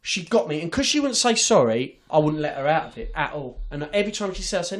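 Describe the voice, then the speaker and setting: A man's voice: on the high side, sing-song, fast talker, hardly any pauses. A man hosting a podcast, telling an office story in a sweary, ranting, casual way. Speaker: podcast host.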